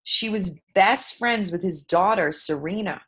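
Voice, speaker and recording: A woman from Brooklyn, New York, telling a personal story as an interview guest, shifting from loud emphasis to hushed asides. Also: mid-range voice, measured pace. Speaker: guest, author.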